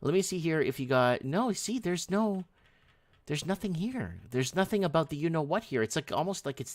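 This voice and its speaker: A man's voice: a little high, sing-song, moderate pace, no echo, studio quality. A man hosting a casual live stream, rambling and sarcastic, reading headlines and chat messages aloud with many restarts.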